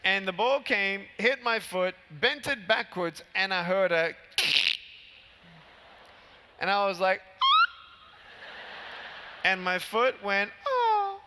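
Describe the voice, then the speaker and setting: A man in his thirties with a high-sitting voice speaks slowly and pauses often during a motivational keynote at a large convention. He acts out scenes as he tells animated stories. Long PA hall reverb and slight background noise are audible.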